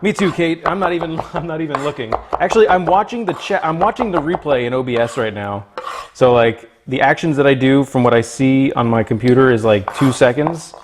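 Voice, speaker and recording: A man's voice: medium pitch, brisk. A man hosting a cooking livestream from his kitchen, chatting playfully and joking with viewers as he cooks. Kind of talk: casual livestream chat while cooking. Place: home kitchen.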